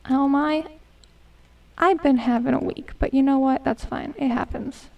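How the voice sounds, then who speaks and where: This young woman streamer speaks in a high, steady, unhurried voice that is creaky and a little mellow. She keeps up casual commentary on her game, muttering, humming and chatting to herself and her viewers. The recording is dull, with her voice a bit distant from the microphone.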